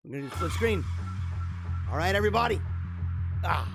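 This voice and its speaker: A man hosting his own livestream show, signing off in an energetic, rambling, chatty way, his voice a little hoarse. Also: high voice, fairly quick, music in the background. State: slightly hoarse. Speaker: podcast host. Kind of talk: casual livestream sign-off.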